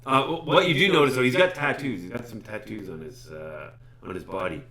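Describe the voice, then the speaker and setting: A man runs a tabletop game session, describing the monsters and calling turns. His voice is bright and sits a little low. He stops and restarts often while he narrates. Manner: halting, self-correcting narration. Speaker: game master. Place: home streaming setup.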